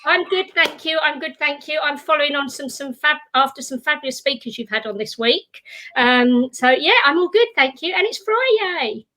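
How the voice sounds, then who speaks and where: A cheerful woman with a bright, crisp tone answers interview questions in a friendly way. Her voice sits a little high. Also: lively intonation, moderate pace, low-quality recording. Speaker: guest, holistic therapist.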